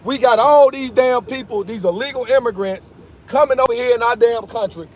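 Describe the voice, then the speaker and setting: A man live-streaming from his car, talking excitedly and emphatically to his chat in slang. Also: very high-pitched, brisk, slight background noise. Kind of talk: casual live-stream rant. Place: in a car at a gas station.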